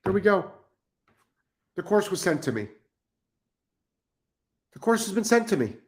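A man's voice: high-pitched, big pitch swings, unhurried. A middle-aged man hosting a live stream as a dog trainer, blunt and profane, repeating himself for emphasis as he reads chat comments.

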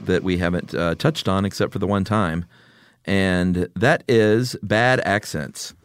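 A man's voice: low voice, fairly even intonation, unhurried, clean tone, no room sound, studio quality, soft background music. A middle-aged man co-hosting a podcast in casual chat, teasing his partner and laughing easily. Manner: teasing, jokey, laughs often. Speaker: podcast co-host.

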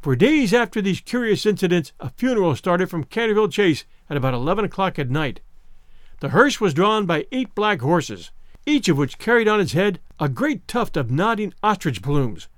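A man narrating a classic story in a measured, expressive reading. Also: high voice, no room sound, studio quality. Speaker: audiobook narrator.

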